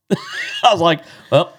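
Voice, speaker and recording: A man co-hosting a podcast in casual chat, talking in halting bursts with many restarts. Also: high-pitched, huge pitch swings, husky. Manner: halting, full of restarts and fillers. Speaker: podcast co-host.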